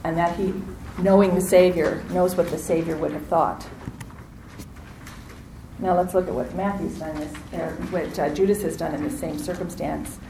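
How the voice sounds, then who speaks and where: A woman preaching a sermon, lively and acting out the voices in the story, calling on her listeners to answer back. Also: lowish voice, moderate pace, creaky, reverberant, a little hiss or hum, poor audio. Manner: animated, acts out quoted voices, asks audience to respond.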